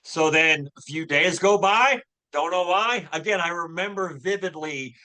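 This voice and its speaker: Man, fifties, earnest storyteller, slightly high voice, bright and forceful tone, frequent fillers and restarts. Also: unhurried. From Louisville, Kentucky. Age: 50s. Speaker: podcast guest. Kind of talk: personal storytelling in a casual interview.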